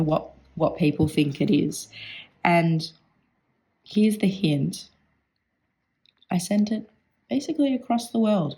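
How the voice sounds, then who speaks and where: Hoarse low-voiced woman, chatty. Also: warm tone. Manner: chatty, rambling, with throat clearing. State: hoarse, losing her voice. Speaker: stationery vlogger. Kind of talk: casual flip-through vlog narration.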